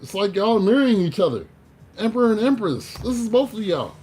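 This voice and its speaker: Male tarot reader, casual and animated, slightly high voice, soft music under him. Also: fast talker. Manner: animated, swears, talks to himself.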